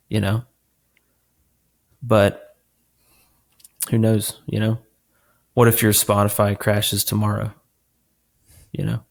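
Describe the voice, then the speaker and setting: A man co-hosting a casual podcast, with a low voice that has a gravelly, fry-heavy edge. He rambles along, restarting phrases and dropping fillers as he signs off the episode. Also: little pitch movement, normal speed, pauses often. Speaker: podcast co-host.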